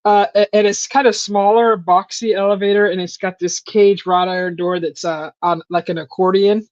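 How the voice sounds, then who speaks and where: A woman in casual chat, rambling through a story and acting out quotes in a higher voice, on a stream mic. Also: fairly even intonation, moderate pace, darkish tone, no echo. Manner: rambling storyteller, acts out quotes with a high voice and laughs. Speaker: stream host. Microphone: streaming call mic. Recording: dull lo-fi stream audio.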